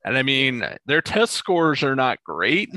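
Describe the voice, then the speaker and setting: Lively, bright-voiced male podcast host. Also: mid-range voice, a little slow. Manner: animated storytelling, laughs often. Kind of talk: casual sports chat.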